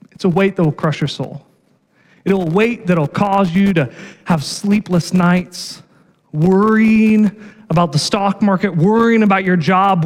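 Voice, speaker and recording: A man's voice: sits high, in a large hall. A male pastor giving a sermon in a casual, conversational way, often checking in with "right?" and stumbling over repeated words.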